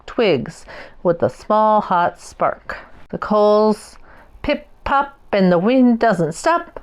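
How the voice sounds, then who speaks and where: Woman reading a picture book aloud, slow, lively sing-song, clear smooth voice. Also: mid-range voice. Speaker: parent reading to her children.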